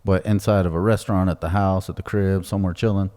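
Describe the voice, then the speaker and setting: A man with a low, mellow voice fires off quick, easygoing comments on a beer podcast. He talks fast, and a long reverb hangs in the room behind him. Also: steady tone. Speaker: podcast cohost. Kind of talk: casual chat over beers.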